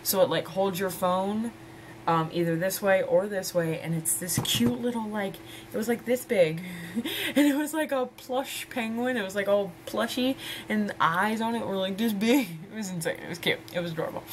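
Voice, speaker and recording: A woman's voice: mid-range voice, moderate pace, slight background noise. A woman in her twenties chatting casually to camera as a vlogger, rambling and laughing as she addresses her viewers as ladies. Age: 20s.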